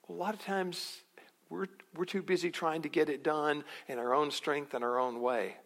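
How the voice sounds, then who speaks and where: A middle-aged male pastor preaching a sermon, animated and acting out quotes with chuckles. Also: fairly high pitch, moderate pace.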